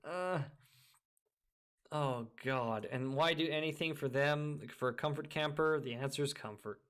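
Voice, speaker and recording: A man's voice: a little high, normal speed, a bit bright, clear, resonant tone. Profane, scornful man ranting. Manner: profane, scornful, emphatic, frequent laughter. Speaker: video creator. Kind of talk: ranting monologue.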